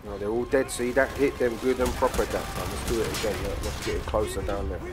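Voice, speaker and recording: A British man giving crude, excitable let's play commentary while trash-talking enemies in a war game. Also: on the low side, a little fast. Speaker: gamer. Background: game music and gunfire.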